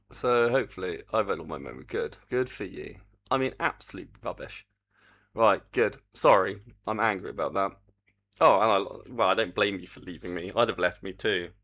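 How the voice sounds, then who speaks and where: A man's voice: deep voice, pushed and bright. A man streaming his game development, chatting casually and muttering in exasperation, humming to himself as he works. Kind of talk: casual live-stream chat while coding.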